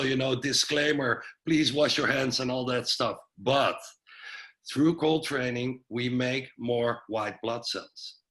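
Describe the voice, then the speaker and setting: A man's voice: mid-range voice, sharp tone, rough recording. A man giving an informal health presentation on a video call, loose and chatty with lots of fillers and restarts. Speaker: webinar presenter.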